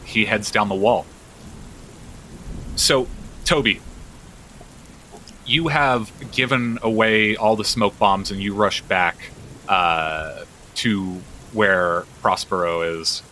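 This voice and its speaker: Male game master for a tabletop game, low and bright-toned, vivid storyteller, soft rain ambience. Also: slow pace, pauses often, a little hiss or hum, low-quality recording. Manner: vivid narration with frequent restarts.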